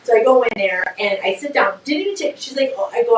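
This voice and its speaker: A middle-aged woman, a business co-founder, telling a story in a casual interview with lively laughter. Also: sits high, fast, far from the mic, a little hiss or hum. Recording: roomy sound from off-mic.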